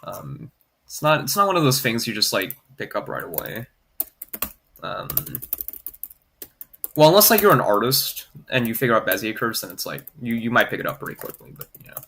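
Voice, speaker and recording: A man's voice: mid-range voice, big pitch swings, normal speed, vocal fry, bright, forceful tone, slight background noise. A man chatting casually on a livestream, rambling with many filler words and reading comments aloud. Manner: rambling, heavy on "like" fillers, reads chat aloud. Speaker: streamer graphing in Desmos.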